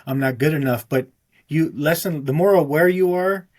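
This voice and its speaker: Host voice, medium pitch; casual and reflective, checks understanding aloud. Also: normal speed, a little mellow. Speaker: podcast host. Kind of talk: casual interview chat.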